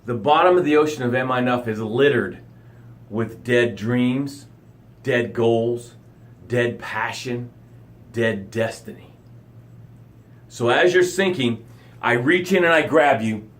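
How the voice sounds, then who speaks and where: A man hosting a motivational live broadcast, speaking directly to his listeners in short punchy phrases and swinging from loud emphasis to hushed low lines. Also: slow, long pauses. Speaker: motivational coach and show host.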